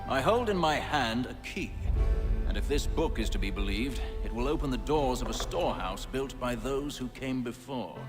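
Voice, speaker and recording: An actor playing a commanding English gentleman addressing a gathering in a video game cutscene, speaking formally and declaiming. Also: mid-range voice, lively intonation, moderate pace, music in the background, natural voice. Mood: grave. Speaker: game character. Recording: long hall reverb.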